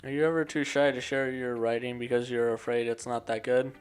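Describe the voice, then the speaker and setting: A man voicing a cheerful young woman who leads a literature club, reading her game lines in a flat monotone. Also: medium pitch, brisk, clean tone, natural voice. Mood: advising. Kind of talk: game dialogue read aloud.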